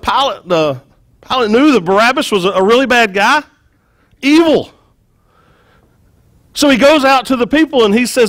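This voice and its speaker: Preacher guy, high voice, acts out the story, repeats himself a lot. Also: normal speed, long pauses. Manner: animated, repeats words, acts out quotes. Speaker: pastor. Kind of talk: sermon with acted-out storytelling.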